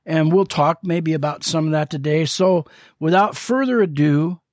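A man's voice: on the high side, normal speed, no echo, clean studio sound. A man hosting a casual faith podcast, talking enthusiastically and rambling with fillers. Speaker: podcast host.

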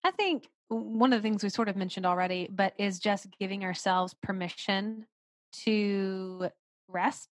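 A woman's voice: mid-range voice, moderate pace, no echo. Earnest encouraging woman, dry sound. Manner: earnest, encouraging, repeats phrases for emphasis. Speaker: podcast guest. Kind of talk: casual conversation.

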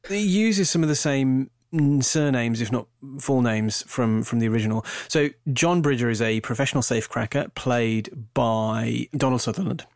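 A British man talking about films in a casual chat, animated and rambling, often breaking off mid-sentence. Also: mid-range voice, normal speed, hardly any pauses, no room sound, clean studio sound. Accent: British English. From Britain. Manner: animated, rambling, self-interrupting. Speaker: film podcast co-host.

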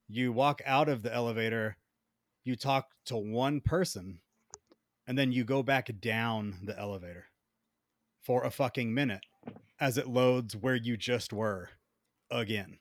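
A man's voice: mid-range voice, dry recording. Dry, profane podcast host, man. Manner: rambling, profane, wry. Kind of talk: casual gaming podcast chat.

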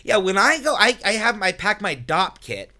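Bright, lively joking man. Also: high-pitched, normal speed. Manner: joking, playful, animated. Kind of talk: casual banter at a dinner table.

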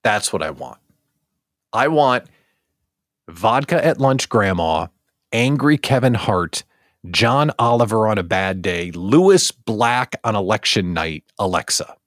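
Animated, joking male host. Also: on the low side, slow pace, dry recording, clean studio sound. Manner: animated, joking, rhetorical questions. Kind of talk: livestream talk show.

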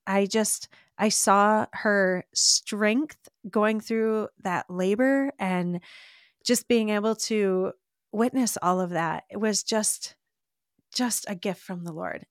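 Recorded in a clean studio with no echo, a woman with a medium-pitched voice tells a podcast how her faith carried her through adopting her baby. As an adoptive mother she speaks with deep emotion and laughs frequently while recounting it.

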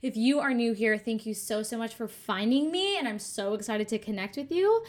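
A woman's voice: fairly high pitch, expressive, normal speed. A young woman hosting a casual spiritual podcast, gushing and chatty, often saying "you guys" and "like.". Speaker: podcast host.

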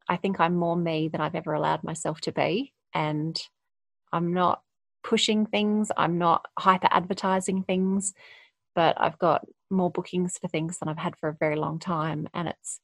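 A low, gravelly, slightly husky woman talking in a candid, reflective way, with laughter coming up often. The sound is dry and close. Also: dry recording. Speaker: podcast guest, coach. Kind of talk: casual conversation.

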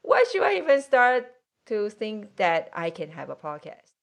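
A woman in her late forties with a mixed accent, hosting a podcast and chatting casually, halting with many fillers and frequent laughter. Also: medium pitch, huge pitch swings, vocal fry. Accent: mixed accent from several places. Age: 40s. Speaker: podcast host. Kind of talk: casual conversational interview.

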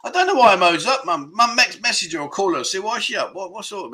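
A man's voice: high voice, big pitch swings, quick pace, few pauses, sharp tone. A man hosting a casual livestream chat show from his phone, rambling and reading out viewer comments. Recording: live stream from a mobile phone.

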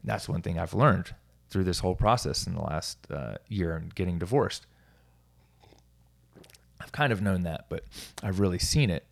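A man with a fairly low voice talks loosely and off the cuff, circling back on his sentences. He drops in quick laughs at his own stories and keeps an easygoing coaching tone. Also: animated, vocal fry. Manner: rambling, self-interrupting, laughs at himself. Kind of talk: casual solo talk.

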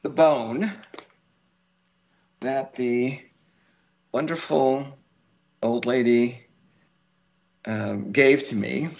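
A man tells a long story as an interview guest, rambling and chatty, with frequent ums and restarts. His voice has a gravelly, creaky edge. The recording sounds somewhat dull and lo-fi. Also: mid-range voice, fairly even intonation, extremely slow, pauses often, darkish tone. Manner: laughs easily. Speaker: lottery winner guest.

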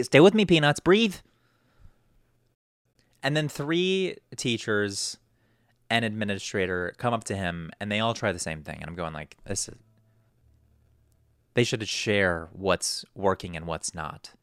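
In clean, echo-free studio audio, a young podcast host tells a casual, rambling story and performs the quotes in a raised voice. He has a low voice with a bit of brightness.

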